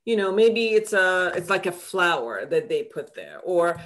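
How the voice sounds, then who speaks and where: A woman psychotherapist explaining her methods in an interview, animated, acting out quoted dialogue as she goes. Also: lowish voice, unhurried. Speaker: psychotherapist guest. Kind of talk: explaining in conversation.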